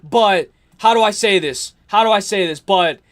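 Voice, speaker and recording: A young man hosting a livestream, ranting hard about fights, repeating himself, swearing and yelling at times. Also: high voice, normal speed. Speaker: livestream host. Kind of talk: heated livestream rant.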